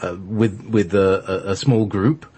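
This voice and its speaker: A man's voice: deep voice, fairly even intonation, unhurried, darkish tone, husky. A man from Scotland hosting a spiritual internet radio show, chatting casually and rambling with many fillers and restarts. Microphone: online call.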